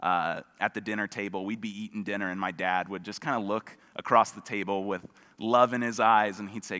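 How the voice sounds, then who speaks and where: A man preaching a sermon in a relaxed, conversational way, with dry humor. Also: lowish voice, fairly quick, hardly any pauses. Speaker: pastor. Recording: long reverb of a hall.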